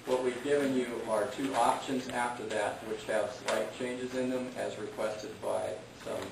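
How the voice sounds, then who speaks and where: A man's voice: mid-range voice, fairly even intonation, measured pace, vocal fry, background noise. Guy explaining the packet to the board, super echoey, far mic. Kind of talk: explaining procedure at a meeting. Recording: very echoey chamber, distant mic.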